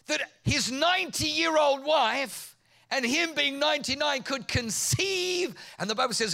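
This German pastor's sermon is built on animated stories in which he acts out the quoted voices. His pitch is extremely high, his pace a little slow, and his voice carries vocal fry.

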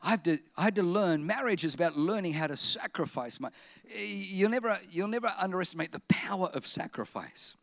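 A male pastor delivers a sermon in a high, bright, ringing voice. He tells funny stories with big energy and sometimes rises to a shout. The sound is dry and close. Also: a little fast, vocal fry, no room sound. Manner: animated humorous storytelling, bursts into shouting.

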